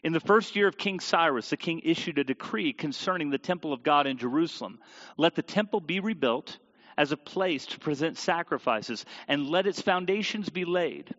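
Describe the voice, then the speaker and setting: Male preacher, animated sermon, slightly high voice, long hall reverb, dull muffled sound. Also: moderate pace. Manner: animated, stumbles over names. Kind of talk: sermon with scripture reading.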